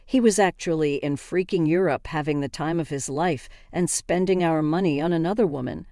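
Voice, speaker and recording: A woman's voice: low-pitched, dark tone, no room sound, clean studio sound. A woman narrating a first-person story in a conversational, indignant way.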